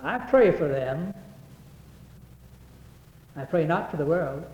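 A man preaching a sermon, quoting scripture in old-fashioned wording and getting louder on the verses. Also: lively intonation, takes it slowly. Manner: rises in pitch and volume on quoted verses, hesitant restarts between. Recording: echoey hall, dull lo-fi sound.

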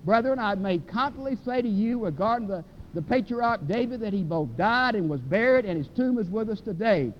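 A man preaching a sermon, repeating phrases for emphasis and slowing down to press home each scripture quote. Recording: dull lo-fi recording with faint rumble.

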